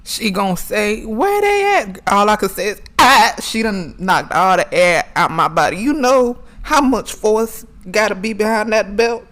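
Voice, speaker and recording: Animated, profane storyteller man. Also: sits high, normal speed, hardly any pauses. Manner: animated, profane, calls listeners girl and y'all. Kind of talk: comedic personal storytelling.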